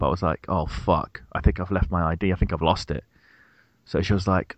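A young man co-hosting a podcast, telling an animated, swearing story in casual chat. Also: low-pitched, a little fast, no echo, dull audio. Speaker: podcast co-host.

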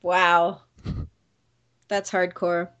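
A woman's voice: lowish voice, flat delivery, very slow, a bit bright, clean tone. Amused woman reacting in casual chat. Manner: reactive, amused, questioning listener. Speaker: podcast co-host.

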